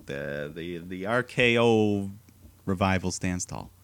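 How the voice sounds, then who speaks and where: A man's voice: sits low, lively intonation, takes it slowly, fairly bright tone, clear, resonant tone, no echo. A laid-back man co-hosting a podcast, recapping wrestling in casual chat. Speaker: podcast co-host.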